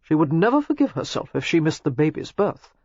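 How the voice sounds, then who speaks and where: A reader doing a calm, dry-witted nobleman. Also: a little high, a little fast, husky, no echo, dull audio, exaggerated voice. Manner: even, dryly amused. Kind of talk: audiobook character voice.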